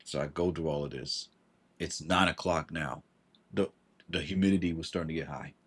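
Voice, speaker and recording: A man telling a personal story on a livestream, halting and repeating himself, with frustration in his voice. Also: extremely low pitch, steady tone, fairly bright tone, slightly rough. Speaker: vlogger.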